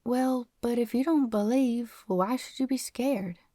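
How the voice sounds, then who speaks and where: A woman's voice: fairly high pitch, unhurried, dark tone, dry recording, studio quality, pitched above the performer's own voice, close to an everyday voice. A woman reading an audiobook voices a curious, logical boy who asks short, wondering questions in a raised voice.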